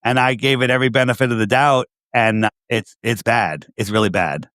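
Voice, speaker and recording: A man with a New York area accent talks on a video call at a middling pitch. He pushes his points hard and keeps firing rhetorical questions at the listener. The sound is dry and close. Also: fairly quick, a bit bright, no echo. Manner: emphatic, fires rhetorical questions. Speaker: podcast guest. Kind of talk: casual conversation.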